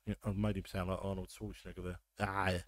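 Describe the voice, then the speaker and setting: A man hosting a casual football podcast, ranting and swearing with quick asides. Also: low voice, level tone, no echo. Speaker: podcast host.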